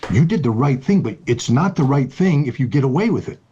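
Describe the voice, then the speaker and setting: A man's voice: medium pitch, lively intonation, brisk, warm tone, breathy edge, muffled recording. A man in his sixties in an interview, telling a personal story in an earnest, emphatic way and repeating key phrases. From United States. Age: 60s. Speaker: guest.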